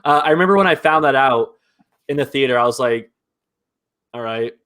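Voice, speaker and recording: A man hosting a live movie ranking show in casual chat, enthusiastic and quick to laugh, with lots of fillers. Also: medium pitch, a bit bright.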